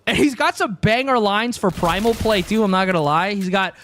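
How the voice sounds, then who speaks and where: Playful high-voiced young man streaming. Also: expressive, fairly quick, fairly bright tone, a little hiss or hum. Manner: joking, rambling, playful. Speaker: livestreamer. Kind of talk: casual stream chat with viewers.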